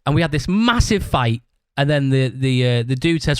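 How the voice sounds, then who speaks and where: A man's voice: on the high side, very animated, brisk, few pauses, smooth, no echo. A man hosting a podcast, rambling through a story in casual chat, swearing constantly. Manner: acts out other people's shouted lines. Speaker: podcast host.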